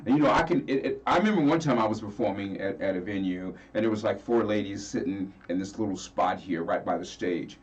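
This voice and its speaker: A man, a singer as a guest, talking earnestly and warmly about his fans. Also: on the low side, a little fast, hardly any pauses, recorded from a distance, muffled recording. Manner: earnest, heartfelt, laughs easily. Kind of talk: casual interview chat.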